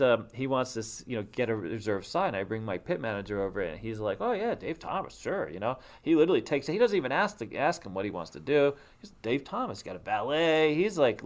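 Rambling man hosting a chat. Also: mid-range voice. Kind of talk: casual podcast chat.

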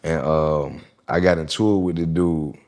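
A man telling a lively story in casual chat, acting out what others said. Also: a bass voice, moderate pace. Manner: animated storyteller, acts out quotes. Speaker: guest.

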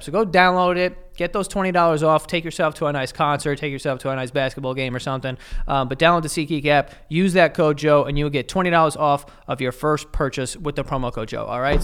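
A man's voice: on the high side, fairly bright tone, clear, resonant tone, no echo. Emphatic, blunt-talking male podcast host. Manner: emphatic, blunt, swears freely. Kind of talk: casual podcast chat and ad reads.

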